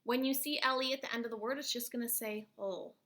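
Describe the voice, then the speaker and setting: Woman teacher, phonics lesson, bright forceful voice, slightly high, patient and slow with letters. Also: steady tone.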